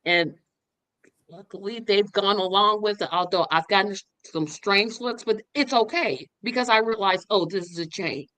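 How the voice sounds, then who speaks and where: A woman's voice: medium pitch, moderate pace, fairly bright tone, dry recording. A woman guest in a casual livestream chat, speaking with enthusiasm and emphatic repetition, over a video call.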